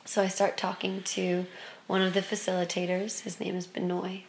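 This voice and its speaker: A woman telling a personal spiritual story in an expressive way, moving from excited loudness to hushed softness. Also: fairly low pitch, normal speed, creaky, slight background noise.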